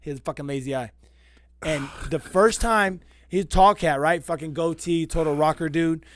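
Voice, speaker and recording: A man with a fairly high voice tells crude stories loudly, swearing freely as a podcast co-host. The sound is dry and close, with no room around it. He talks in a casual, rowdy way. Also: moderate pace, dry recording. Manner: loud, profane storytelling.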